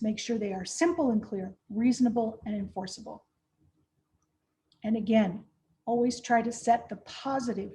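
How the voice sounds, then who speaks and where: A woman's voice: on the high side, darkish tone. Woman giving a conversational training talk. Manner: conversational, frequent "right?" tag questions. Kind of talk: professional training lecture.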